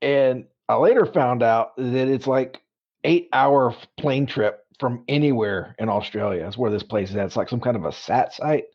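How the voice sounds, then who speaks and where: A man's voice: medium pitch, normal speed. A man co-hosting a podcast, chatting casually, joking and swearing, laughing often. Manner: laughs a lot, profane and joking. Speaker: podcast co-host. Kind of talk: casual chat. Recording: dull lo-fi podcast audio.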